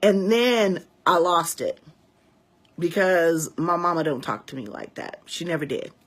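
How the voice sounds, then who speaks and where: A woman's voice: sits low, lively intonation, normal speed, a bit bright. A woman in her forties from Chicago's West Side, telling a story to her viewers in a casual, emphatic and profane way. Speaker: vlogger and priestess.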